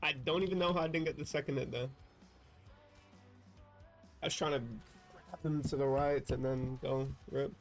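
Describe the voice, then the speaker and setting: Gravelly man rambling on stream. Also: mid-range voice, steady tone, normal speed, long pauses, soft background music. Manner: rambling, self-interrupting, wry. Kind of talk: casual chat while gaming on a livestream.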